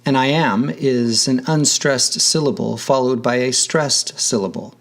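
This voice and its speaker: A man narrating a scripted lesson in a measured, careful way, spelling out example words. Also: medium pitch. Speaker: teacher.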